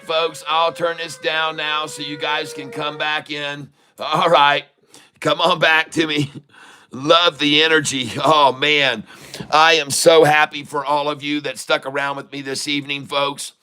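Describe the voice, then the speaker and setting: A man hosting a live day-trading stream, shouting excitedly at the charts and talking to his chat. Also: fairly high pitch, measured pace, a little hiss or hum. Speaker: day-trading livestream host.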